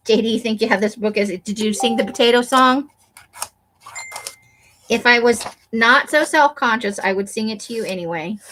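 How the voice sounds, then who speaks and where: A woman's voice: fairly high pitch, fairly bright tone, a little hiss or hum. A woman streamer chatting casually with her viewers, teasing them by name and joking about herself. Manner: chatty and self-deprecating, talks to viewers by name. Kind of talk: casual livestream chat.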